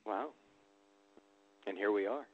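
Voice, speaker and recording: Man, radio interviewer, lowish voice, tentative, rephrases, tinny sound. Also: takes it slowly, no echo.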